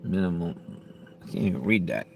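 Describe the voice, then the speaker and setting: A man's voice: sits low, lively intonation, brisk, gravelly, darkish tone. A middle-aged man live-streaming, chatting casually with viewers in a blunt, profane, rambling way. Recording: faint background noise.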